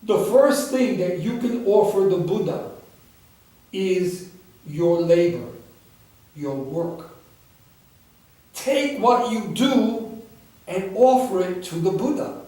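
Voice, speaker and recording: A calm, kindly old monk, as a man telling a dharma story puts him on, explaining things slowly and patiently. The voice sits fairly high, and a roomy echo comes from a mic set well away. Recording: echoey room, far from the mic.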